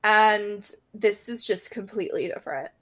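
A woman's voice: medium pitch, moderate pace, a bit bright. A woman with a mid-range voice talks through a TV episode in casual podcast chat. She stops and restarts often, with lots of fillers, and laughs along. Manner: hesitant, many fillers, laughs. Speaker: podcast co-host.

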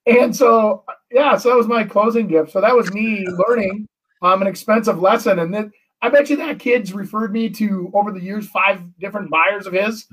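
A middle-aged man, a real estate agent, telling a story in casual chat, animated and full of restarts. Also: high voice, moderate pace, far from the mic, poor audio. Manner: animated, acts out quotes, many restarts.

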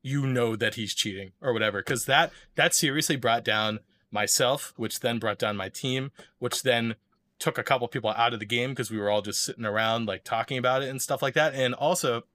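Bright-voiced man telling a story. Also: mid-range voice, brisk. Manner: rambling, many fillers and restarts. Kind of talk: casual chat.

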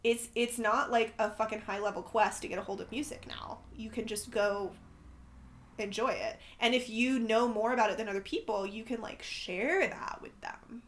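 Chatty sweary woman on a podcast, kinda high voice, says "like" a ton. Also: moderate pace. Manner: animated, swears freely, frequent "like" and "right?". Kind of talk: casual conversational chat.

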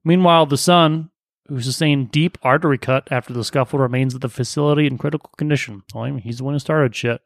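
A man with an ordinary mid-pitched voice reads odd news aloud and breaks off to swear and joke. The sound is dry and close, with no room around it. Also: quick pace, creaky, no echo. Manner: profane, joking, reads news aloud with asides. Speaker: podcast co-host reading news stories. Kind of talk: casual comedy podcast banter.

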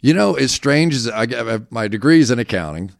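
A man, a football analyst, telling animated, self-deprecating stories in a casual interview. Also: mid-range voice, moderate pace, vocal fry, no echo, clean studio sound.

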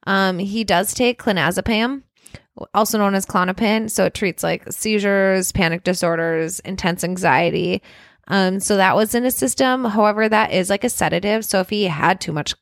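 A woman's voice: mid-range voice, moderate pace, dry recording, clean studio sound. A young woman with a Minnesotan accent co-hosting a podcast, chatting casually and giggling as she reads out news bits. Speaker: podcast co-host. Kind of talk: casual chat.

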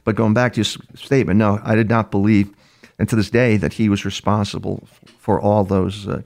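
Older male guest, gravelly and low-pitched, halting storyteller who repeats words and acts out the dialogue. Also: level tone, a little mellow. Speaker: criminal profiler interviewee. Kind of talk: storytelling interview answers.

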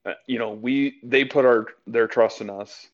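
A man's voice: mid-range voice, steady tone. Male podcast co-host, hesitant delivery, slightly muffled lo-fi sound. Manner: halting, lots of ums and restarts. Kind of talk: casual political chat.

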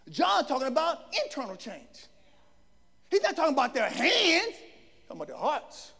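A male preacher delivering a dramatic sermon with folksy phrasing, dropping to low murmurs and rising to shouted climaxes. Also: creaky. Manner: folksy Southern US phrasing with "y'all" and "ain't". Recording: long hall reverb.

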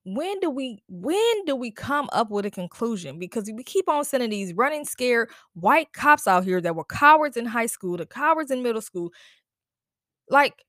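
With a fairly high, slightly bright voice that swings widely in pitch, this mother vents furiously on her solo podcast at normal speed. She sounds exhausted and upset, cursing and asking the same questions again; the studio recording is dry and clean.

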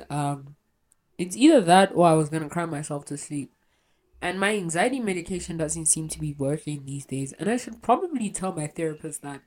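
A young woman talks alone on her podcast, opening up in a confessional way. Her voice is low for a woman. She speaks bluntly and swears freely. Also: a little mellow. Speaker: podcast host.

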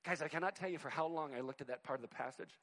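A man in his forties preaching a sermon, telling personal stories in an animated, conversational way with self-deprecating humor. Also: a little high, racing. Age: 40s. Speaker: pastor.

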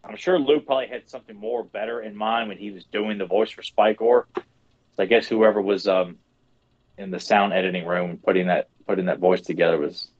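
Podcast co-host: low-pitched man, casual and animated, a bit dull and lo-fi in sound. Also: brisk. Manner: animated, swears, restarts often. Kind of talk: casual chat.

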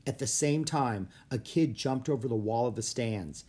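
An audiobook narrator reading a children's chapter book aloud, breaking into sudden loud, high shouts for the characters. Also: normal speed, breathy edge. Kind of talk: storybook read-aloud.

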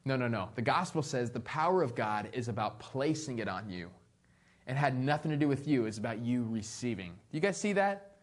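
A man preaching a sermon, reading scripture aloud and adding playful, animated asides. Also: mid-range voice, brisk. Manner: reads scripture aloud then comments. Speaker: pastor.

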